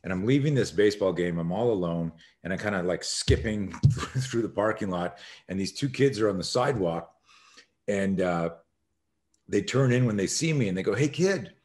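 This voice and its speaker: A man with a fairly low voice tells a story as a podcast guest. He is an animated storyteller who acts out the scenes as he talks. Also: moderate pace. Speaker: guest, self-defense expert.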